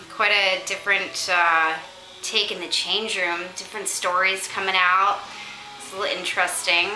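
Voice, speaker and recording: A woman's voice: mid-range voice, pushed and bright, echoey room, rough recording. A woman vlogging unscripted from her condo, rambling with lots of ums and laughs. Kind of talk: unscripted casual chat to camera.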